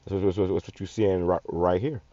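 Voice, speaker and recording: Brisk and steady, a man with a deep, warm voice hosts a channel and reacts to a video in a casual, blunt, profane way. Repeated words and restarts pepper his speech. The recording is dry and muffled, with a lo-fi quality.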